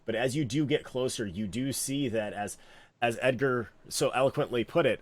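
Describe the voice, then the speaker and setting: A man narrating as game master of a tabletop game, relaxed and meandering, with many fillers. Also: medium pitch, moderate pace.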